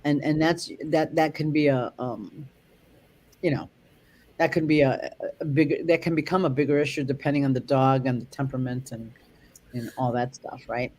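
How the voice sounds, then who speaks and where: A dog trainer talks through ideas in a mid-range voice. The delivery is halting and rambling, full of restarts. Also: mid-range voice, steady tone, darkish tone. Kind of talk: casual chat.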